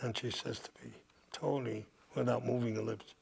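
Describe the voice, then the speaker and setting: An older guest speaker races through a rambling anecdote for a live audience in a cinema, laughing as he talks. His medium-pitched voice is monotone and darkish, with vocal fry. The recording includes crowd noise from the audience.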